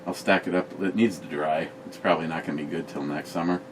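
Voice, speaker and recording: A man's voice: sits low, fast, recorded from a distance, background noise. A man co-hosting a casual home beer-review show, telling stories with crude jokes. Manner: crude joking, animated storytelling. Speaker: co-host of a beer review channel. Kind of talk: casual banter.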